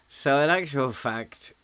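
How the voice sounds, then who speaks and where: A middle-aged man from Wales with a softened Welsh accent, chatting casually and laughing often as he streams a game to his viewers. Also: mid-range voice, clear, resonant tone. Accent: softened Welsh, with some American words. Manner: slow, chatty, laughs often while talking. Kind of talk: casual live-stream commentary.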